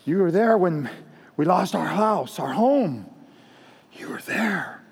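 A man's voice: high-pitched, expressive, slow pace, vocal fry, breathy edge, heavily acted. A man voicing, in a joke, a husband just out of a coma who earnestly lists things to his wife.

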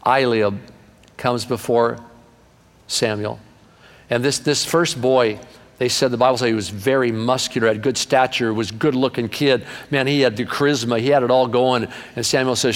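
A middle-aged male pastor preaching a sermon in a church, folksy and animated, slipping into acted-out voices. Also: medium pitch. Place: church sanctuary. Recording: long reverb of a large hall.

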